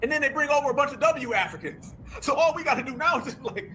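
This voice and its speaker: A man hosting a political commentary show, talking in an animated, sarcastic, slangy way. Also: very high-pitched, rapid-fire, few pauses, slight background noise. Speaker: host.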